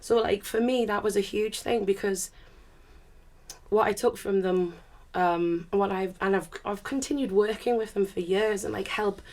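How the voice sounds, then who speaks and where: A woman speaking on a panel discussion, telling candid stories in a lively way, full of laughter and acted-out quotes. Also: medium pitch, moderate pace. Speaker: panelist, turntablist.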